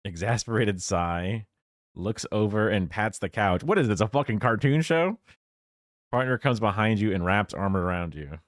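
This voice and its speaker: A man's voice: fairly low pitch, expressive, normal speed, no echo, clean studio sound. A man streaming, reacting to a clip with casual, opinionated commentary and lots of fillers. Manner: musing, opinionated, many fillers.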